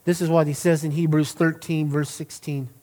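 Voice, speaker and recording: Emphatic pastor, high voice. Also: male voice, flat delivery, dark tone. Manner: earnest, emphatic, drawn-out key words. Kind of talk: sermon.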